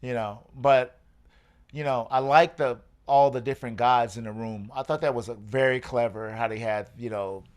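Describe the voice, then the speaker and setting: A man's voice: mid-range voice, normal speed. A man hosting a casual podcast, swearing freely and laughing as he reviews a film. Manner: animated, profane, laughing storyteller. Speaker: podcast host. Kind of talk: casual movie review chat.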